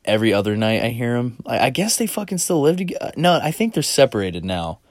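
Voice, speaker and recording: A man's voice: mid-range voice, very animated, a little fast, no echo, clean studio sound. A young man hosting a podcast who tells a rambling, profane story in a laid-back, casual way. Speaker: podcast host.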